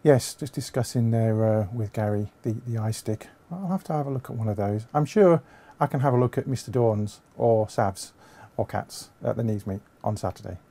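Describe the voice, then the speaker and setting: Mellow-voiced man hosting a casual show. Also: lowish voice, normal speed, creaky. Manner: relaxed and chatty. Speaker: host. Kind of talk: casual web show chat.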